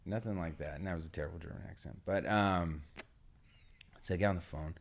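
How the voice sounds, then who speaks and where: A man co-hosting a podcast, telling a rambling travel story in a relaxed way, swearing and laughing. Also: low-pitched, brisk, vocal fry. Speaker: podcast co-host. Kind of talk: casual storytelling chat.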